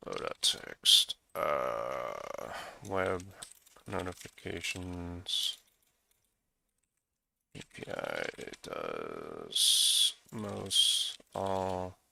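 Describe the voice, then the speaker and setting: A man's voice: deep voice, big pitch swings, very slow, gravelly, long pauses, pushed and bright, a little hiss or hum. A man talking through his programming work in a casual coding walkthrough, thinking aloud as he goes. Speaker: programmer screencasting code.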